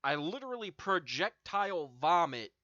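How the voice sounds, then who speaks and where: A man's voice: high voice, big pitch swings, moderate pace, highs cut off. A young man hosting a stream, smoking and telling a long, profanity-laced story in a rambling, filler-heavy way. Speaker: streamer host. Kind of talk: casual storytelling to chat.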